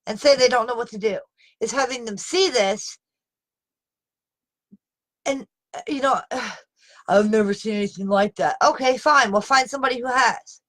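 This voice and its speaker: A woman's voice: high voice, fairly bright tone, low-quality recording. Frustrated woman pleading on a live video. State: upset and exasperated. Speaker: live streamer. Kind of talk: unscripted live video talk.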